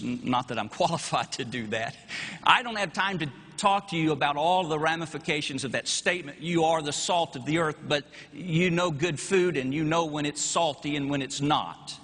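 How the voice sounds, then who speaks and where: A man's voice: a little high, pushed and bright. A middle-aged Texan man preaching a sermon from the pulpit, rhetorical and emphatic, his voice rising and falling for emphasis. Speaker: pastor. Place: chapel. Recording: long hall reverb in a chapel.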